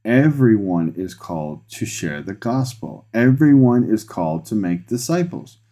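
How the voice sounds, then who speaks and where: A man who is a pastor and podcast host, preaching a sermon in an earnest way, restarting phrases and growing excited when he presses a point. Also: lowish voice, a little slow.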